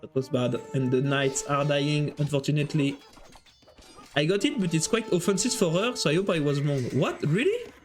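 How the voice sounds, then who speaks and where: A man giving live esports commentary, excitable and joking as he jumps between calling the play and chatting with viewers. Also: on the high side, normal speed, soft background music. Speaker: esports caster.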